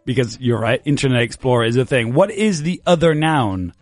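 A man's voice: mid-range voice, animated, brisk, no room sound, faint music behind. A man teaching English vocabulary in a casual, playful lesson, encouraging his student and laughing often.

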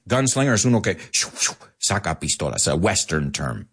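A man in his forties, a podcast host teaching English, talking in an animated way and acting out quotes. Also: a little fast, breathy edge. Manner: animated, acts out quotes with big pitch jumps. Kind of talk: bilingual English lesson.

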